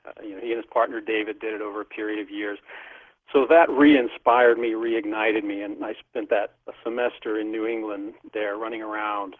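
A man's voice: fairly low pitch, little pitch movement, a little fast. A middle-aged man animatedly telling a story, often laughing as he talks, as an interview guest. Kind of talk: casual storytelling. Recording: tinny phone line.

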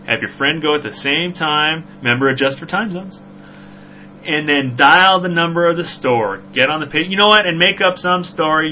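A man hosting a podcast, telling a story in a rambling, animated way with frequent "right?" asides. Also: on the high side, moderate pace. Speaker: podcast host. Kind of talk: casual storytelling chat. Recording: dull lo-fi recording with faint hum.

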